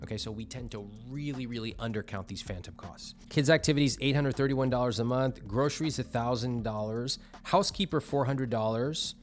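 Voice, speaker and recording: Blunt, animated man reviewing budgets. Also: medium pitch, brisk, hardly any pauses. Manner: blunt, animated, mock-exasperated asides. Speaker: personal finance host. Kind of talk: reviewing viewer budgets on camera.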